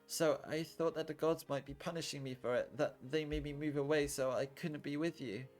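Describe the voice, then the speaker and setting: A man voicing a gentle, childlike teenage girl in a soft high falsetto, reading a visual novel aloud. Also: fairly even intonation, moderate pace, faint music behind, lightly acted. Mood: tearful. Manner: high soft falsetto, speaks of herself in third person.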